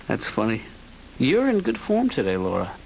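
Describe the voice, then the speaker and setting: An actor voicing a mild, hesitant male therapist who speaks softly and trails off mid-sentence. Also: medium pitch, wildly swooping pitch, takes it slowly, creaky, full character voice, poor audio. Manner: mild, hesitant, soft-spoken. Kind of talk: cartoon dialogue.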